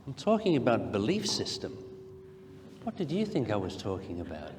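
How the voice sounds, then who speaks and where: A man's voice: medium pitch, huge pitch swings, normal speed, slight background noise. A man giving a playful, teasing contest speech in a large conference hall.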